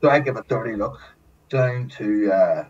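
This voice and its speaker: A man guest telling casual stories in a lively way, swearing often and acting out what others said. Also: fairly low pitch, moderate pace. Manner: lively storyteller, swears often, acts out quotes. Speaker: guest, former TV extra. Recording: distant mic, dull lo-fi sound, faint hiss.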